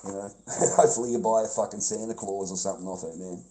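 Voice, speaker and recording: A man's voice: fairly even intonation, fast talker, dark tone, poor audio. A man on a live stream, talking to his chat in a profane, confrontational way, calling everyone mate and brother. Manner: trails off into low mumbling. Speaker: livestreamer.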